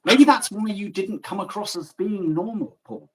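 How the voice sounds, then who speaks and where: A man from Germany hosting a casual livestream chat, animated and joking, who swears freely. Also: sits high, normal speed, husky, low-quality recording. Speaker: livestream host.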